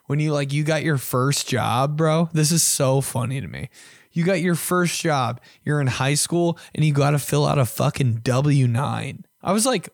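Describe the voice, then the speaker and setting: Here a young man hosting a podcast rants casually in a fairly high, creaky voice at normal speed, swearing plenty and doing mock voices. He sounds profane and animated, and the clean studio recording is dry.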